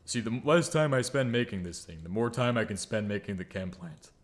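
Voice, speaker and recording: A man's voice: on the low side, lively intonation, fairly quick. A man giving casual, jokey gameplay commentary, muttering and humming to himself as he builds. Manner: jokey, self-mocking, hums and mutters to himself. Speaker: gaming video creator.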